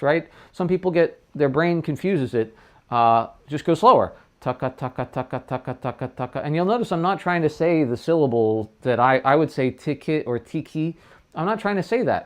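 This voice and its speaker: In a casual livestream lesson, a middle-aged man with a medium-pitched voice teaches trumpet tonguing. He chats loosely and sounds out the syllables.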